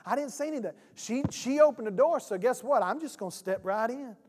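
A man's voice: very high voice, animated, brisk, darkish tone. A man preaching a sermon, a pastor telling a folksy story and acting out both sides of a phone call. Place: church sanctuary. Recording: church hall reverb.

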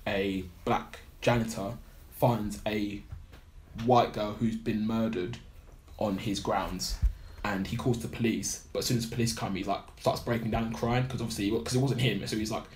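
A man on a film podcast recounting a documentary in casual chat, pausing often with fillers as he searches for details. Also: lowish voice, steady tone. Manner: halting, many fillers while recalling a documentary.

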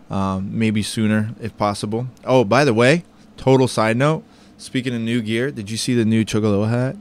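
A man co-hosting a podcast in easygoing chat, with a lower-pitched, smooth and resonant voice. He teases his co-host and breaks into upbeat plugs for the show. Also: fairly even intonation, moderate pace. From Florida, USA. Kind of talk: casual chat.

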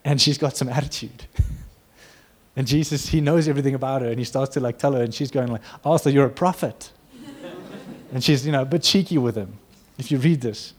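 This mid-pitched preacher moves fairly quickly through his sermon, bringing the story to life and voicing each quote, with an occasional laugh. There's a slight hiss or hum.

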